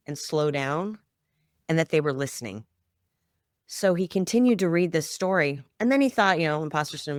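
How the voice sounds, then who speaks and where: Her voice sits low with a slight brightness while she tells a moving family story as a podcast guest. The middle-aged founder of a children's music project speaks conversationally, and the clean studio sound has no room tone.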